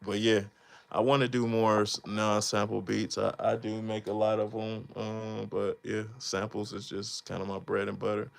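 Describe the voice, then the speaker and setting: A relaxed man in his thirties talks through a casual live stream, voice low and gravelly. He rambles in easygoing slang and breaks into laughter now and then. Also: moderate pace. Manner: laid-back slangy rambling, laughs often. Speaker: beatmaker streamer.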